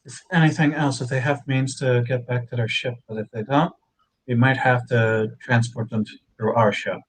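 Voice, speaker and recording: A man's voice: medium pitch, fairly even intonation, moderate pace, a little hiss or hum. A man playing the ship's doctor in a tabletop game, raising practical points. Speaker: player voicing the ship's doctor. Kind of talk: casual tabletop role-play.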